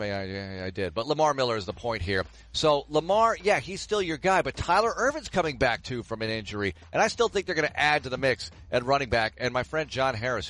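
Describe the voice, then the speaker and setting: A man's voice: mid-range voice, a bit bright. A middle-aged man hosting a sports show, answering listener questions in a chatty, rambling way with side remarks. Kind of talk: casual sports talk.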